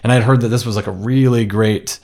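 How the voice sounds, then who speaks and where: Relaxed man with a lowish voice. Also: brisk. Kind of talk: casual chat.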